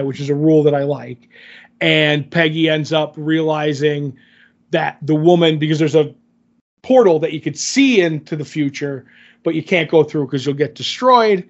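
Muffled audio captures a highish male voice at normal speed. The podcast co-host rambles through a casual TV episode recap, stuffed with fillers.

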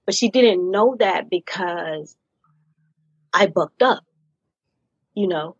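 A middle-aged woman speaking as a podcast guest, telling her own story in an earnest, deliberate way and leaning on key phrases. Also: fairly low pitch, breathy edge, no echo, highs cut off. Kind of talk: candid personal storytelling in conversation.

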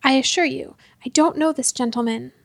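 Lady reading scared but defiant young guy, formal, high dry voice. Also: fairly quick, vocal fry, dry recording. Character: frightened, defiant tall thin young man.

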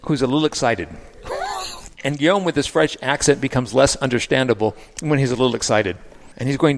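A vineyard owner and grape grower explaining planting choices in a measured, self-deprecating way during a casual podcast conversation. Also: male voice, medium pitch, vocal fry.

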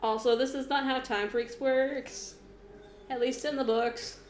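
A woman's voice: high voice, fairly even intonation, a little slow, a little hiss or hum. A young woman co-hosting a podcast, chatting casually and giggling while watching a film, with lots of fillers. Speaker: podcast co-host. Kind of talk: casual watch-along chat. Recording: roomy echo.

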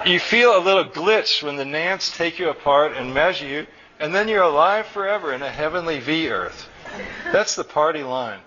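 A man reading aloud and voicing a stubborn, agitated middle-aged male engineer who explains things in a rapid, insistent rush. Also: fairly high pitch, lively intonation, sharp tone. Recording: dull recording with faint room noise.

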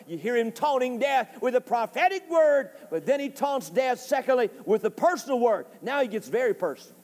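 A man preaching an impassioned sermon as pastor, rising to shouts at its peaks. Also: extremely high pitch, very animated, a little fast, hardly any pauses. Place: church sanctuary. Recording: church hall reverb.

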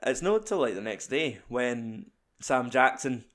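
A man's voice: mid-range voice, big pitch swings, unhurried, a bit bright. A young man chatting casually about a film, rambling and swearing as he retells scenes. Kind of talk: casual film review chat.

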